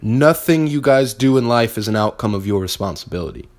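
A young man talks straight at his listeners in a blunt, fired-up motivational rant. He swears freely and hammers his points home. His voice sits at an ordinary middle pitch for a man. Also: animated, brisk. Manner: blunt, profane and fired-up, addressing listeners directly. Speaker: podcast host. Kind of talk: motivational monologue.

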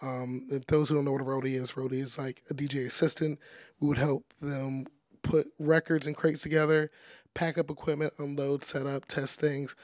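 A young man, a DJ, speaking as a guest in a casual interview, chatty and relaxed with lots of "like" and "you know.". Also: mid-range voice, normal speed, dry recording, clean studio sound. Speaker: podcast guest, DJ.

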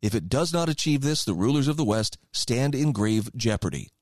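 Man, radio talk host, opinion commentary, emphatic, lively intonation, dry close sound. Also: mid-range voice, normal speed, dry recording. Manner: conversational, emphatic and animated. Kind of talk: opinion commentary, reading passages aloud.

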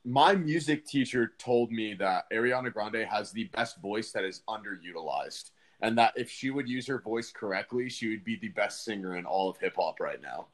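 A young man co-hosting a casual podcast, easygoing and quick to laugh. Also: on the low side, animated. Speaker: podcast co-host. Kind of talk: casual chat.

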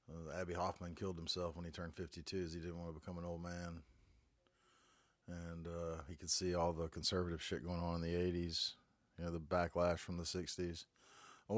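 A man's voice: low voice, no room sound. A man, rambling glumly and cursing through a solo home podcast while fighting a stuffy head cold. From North Carolina, US. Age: 40s. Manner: glum, rambling, heavy cursing. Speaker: podcast host. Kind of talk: casual solo podcast monologue. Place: back bedroom at home. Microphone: phone.

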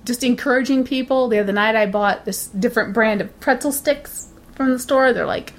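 A woman's voice: on the high side, moderate pace. Blunt, salty-tongued woman telling a story. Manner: blunt, swears freely, acts out quoted voices. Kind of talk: casual storytelling chat.

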